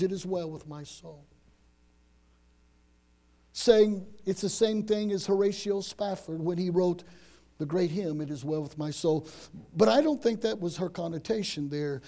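A man preaching a sermon, retelling a story with dramatic swings from loud to hushed and frequent repeated words. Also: high-pitched, normal speed.

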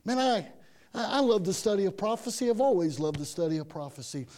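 A man's voice: sits high, animated, brisk, darkish tone. A man preaching a sermon, folksy and emphatic, repeating himself and often saying "man". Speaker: pastor.

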